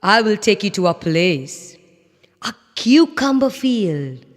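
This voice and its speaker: A woman's voice: medium pitch, sing-song, takes it slowly. A woman voicing a sly young male jackal, coaxing in a plain voice. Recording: long reverb.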